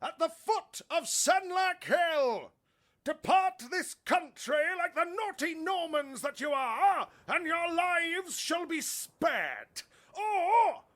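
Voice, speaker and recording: A man's voice: extremely high pitch, bright, forceful tone, heavily acted. A man voicing a blustering heroic Saxon king who declaims grandly.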